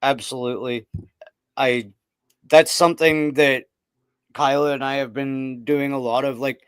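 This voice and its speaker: A man's voice: medium pitch, fairly even intonation, unhurried, smooth, dry recording. A man, a podcast guest, telling his personal story in a candid, loose way with frequent "like".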